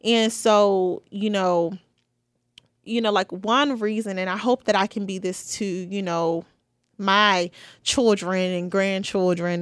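A woman's voice: mid-range voice, smooth, no echo, studio quality. A young woman, hosting a podcast and talking through personal stories in a casual, heartfelt way. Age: 20s. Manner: chatty, heartfelt, with many fillers. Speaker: podcast host.

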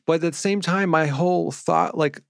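A man's voice: on the high side, moderate pace, creaky, no room sound, clean studio sound. A man co-hosting a podcast, reviewing films in casual chat, rambling and searching for words. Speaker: podcast co-host.

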